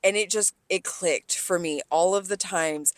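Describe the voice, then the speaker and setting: A woman's voice: on the low side, measured pace, no room sound. A young woman co-hosting a casual podcast, telling work stories with lots of swearing and rising outrage. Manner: animated storyteller, swears freely, rises loud when outraged. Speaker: podcast co-host, restaurant server. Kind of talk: casual chat.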